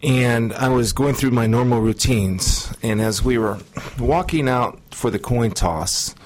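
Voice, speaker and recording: A middle-aged man earnestly recounting a personal testimony in an interview, measured and pausing often. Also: mid-range voice, slight background noise. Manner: earnest, measured storytelling with frequent pauses. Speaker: guest sharing testimony.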